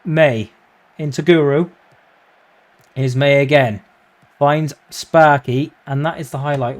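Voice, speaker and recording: Young male gaming commentator, slightly high pitched, excitable, casual swearing. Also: a little slow. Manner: excitable, yelps at near misses, swears casually. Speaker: gaming YouTuber. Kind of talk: live play-by-play commentary over a football management game.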